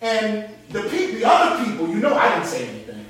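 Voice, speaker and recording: A man preaching a sermon, telling stories with animation and building up to shouted preaching in front of a congregation. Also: sits high, wildly swooping pitch, fairly quick. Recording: echoey hall, mic from a distance, congregation audible.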